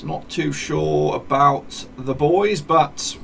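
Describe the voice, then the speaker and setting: Male gaming host, mid pitch, gravelly, loose self-correcting play-by-play, faint hiss on the recording. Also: lively intonation, moderate pace, fairly bright tone. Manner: rambling, self-correcting chatter with mock match commentary. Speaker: gaming YouTuber. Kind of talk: casual game commentary.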